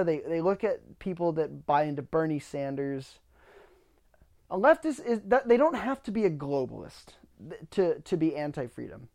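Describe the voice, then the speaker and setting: A man's voice: on the high side, a little mellow. A man hosting a podcast, ranting in a casual monologue, swearing freely and often repeating words as he starts sentences. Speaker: podcast host.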